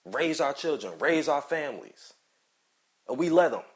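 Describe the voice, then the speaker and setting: A man's voice: fairly high pitch, expressive, normal speed. Angry man ranting on his podcast. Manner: heated, profane, repetitive ranting. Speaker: podcast host. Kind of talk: angry solo commentary.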